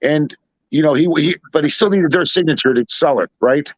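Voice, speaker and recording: Here a Chicago man, speaking a little fast in a slightly high voice, is the guest telling a long, meandering story in casual conversation. It's animated and packed with asides and re-enacted dialogue, and the lo-fi recording sounds dull and dry, without echo.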